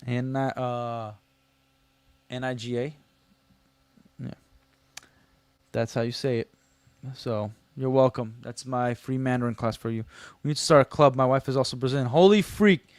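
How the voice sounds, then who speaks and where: A man's voice: medium pitch, level tone, measured pace, pauses often, clear, resonant tone, no echo. A man hosting a casual livestream, reading chat messages aloud and answering them with slangy jokes and teasing. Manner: slangy, loose delivery with many fillers. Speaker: livestream host.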